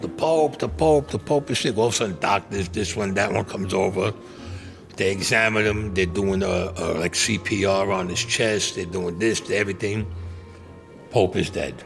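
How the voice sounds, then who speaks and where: A man's voice: sits low, steady tone, normal speed, gravelly, fairly bright tone, soft background music. An older man telling a story in a blunt, streetwise way and swearing freely. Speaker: interviewee. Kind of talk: casual storytelling.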